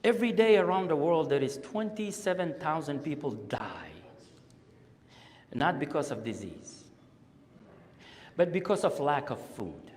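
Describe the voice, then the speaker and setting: A man's voice: a little high, expressive. Impassioned man preaching in an echoing hall. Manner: impassioned preaching, swings between loud urging and hushed pauses. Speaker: guest speaker at a mosque. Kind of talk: Friday sermon. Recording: long hall reverb.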